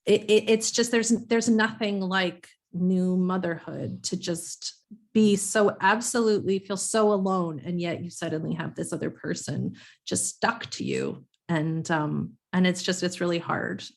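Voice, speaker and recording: A woman's voice: lowish voice, a little slow, vocal fry. Candid, swearing woman guest. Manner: candid, swears freely, lots of "like". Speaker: guest, sociology professor. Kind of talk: casual interview talk.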